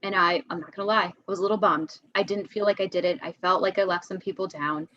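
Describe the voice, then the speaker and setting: A woman's voice: on the low side, fairly even intonation, quick pace, sharp tone, muffled recording. A woman teacher as a podcast guest, speaking candidly and chattily, with frequent restarts. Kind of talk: conversational podcast interview.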